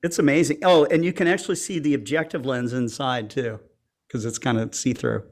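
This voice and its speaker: A man's voice: medium pitch, fairly even intonation, brisk. A man co-hosting an astronomy livestream, chatting casually and poking fun at himself, laughing often between rambling remarks full of fillers. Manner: joking, self-deprecating, laughs often; loose and rambling with many fillers. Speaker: co-host of an astronomy community livestream. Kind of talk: casual chat.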